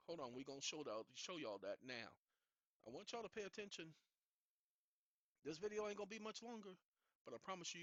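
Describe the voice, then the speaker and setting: Emphatic man lecturing, lively pitch. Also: no echo. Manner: repetitive, calls for the audience to repeat after him. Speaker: channel host. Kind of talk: instructional talk, preachy and emphatic. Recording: dull lo-fi recording.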